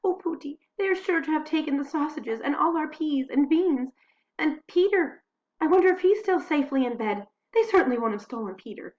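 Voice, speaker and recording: Woman doing a frightened, high-pitched older lady. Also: expressive, a little fast, darkish tone, lo-fi sound. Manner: fearful, high and breathy. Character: timid, frightened older woman, nervous fatalist.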